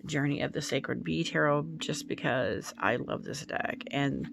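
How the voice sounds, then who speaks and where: A woman's voice: a bass voice, fairly even intonation, a little slow, vocal fry, noisy background. A woman telling a story in a casual home vlog as a tarot-reading YouTuber, in a meandering, hesitant way.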